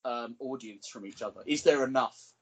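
A man's voice: medium pitch, moderate pace, fairly bright tone, breathy edge. A man co-hosting a casual podcast, chatty and peppering his talk with "you know". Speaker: podcast co-host.

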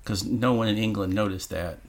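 A man's voice: fairly low pitch, steady tone, a little fast. A man co-hosting a podcast, chatting casually and sarcastically about a movie, swearing freely. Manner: sarcastic, profane. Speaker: podcast co-host.

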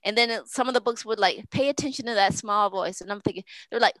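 A woman's voice: fairly high pitch, fast, fairly bright tone, no room sound, poor audio. A woman speaking as a podcast guest in a casual, rambling, earnest way, often restarting and repeating words. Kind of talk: casual interview talk.

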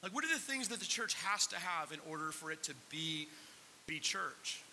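Speaking at a normal speed, this man's high, expressive voice comes across pushed and bright. He's a pastor delivering a conversational sermon in a church sanctuary, questioning the congregation and close to tears now and then, captured with long hall reverb and a faint hiss.

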